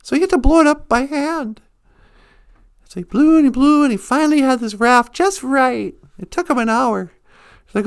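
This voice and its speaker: High-voiced, animated woman storyteller. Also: normal speed. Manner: animated, joking, laughs often. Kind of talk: humorous live-stream storytelling.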